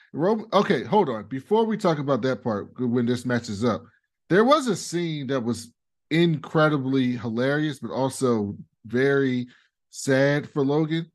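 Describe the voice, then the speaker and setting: A man co-hosting a casual TV recap chat, animated and laughing often as he acts out characters' lines. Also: mid-range voice. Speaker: podcast co-host.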